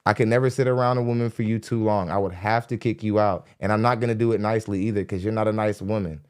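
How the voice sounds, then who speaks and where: A man's voice: steady tone, fast talker, clean tone. A young adult man hosting a podcast, ranting bluntly and mockingly about a dating show and laughing between jabs. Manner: mimics others in high squeaky voices. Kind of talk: ranting reaction commentary. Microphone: studio mic.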